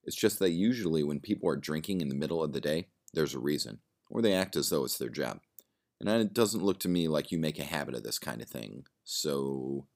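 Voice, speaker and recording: A man's voice: extremely low pitch, expressive, brisk, creaky, heavily acted. A man voicing a cynical, sardonic man drinking in a bar, swearing and rambling.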